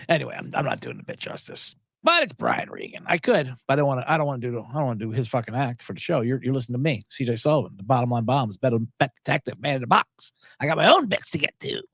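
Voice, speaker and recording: A male sports betting host talks in a loose, rambling, profane way, often restarting his sentences. His pitch swings widely as he jumps from idea to idea. The sound is dry and close, with no room echo. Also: very animated, quick pace, creaky, few pauses, a bit bright, breathy edge. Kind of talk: casual chat.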